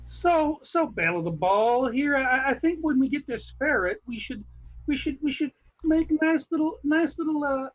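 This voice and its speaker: A man's voice: extremely high pitch, lively intonation, moderate pace, muffled recording. A man performing an improvised comedy scene in a Southern accent, stammering and restarting often. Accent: Southern American.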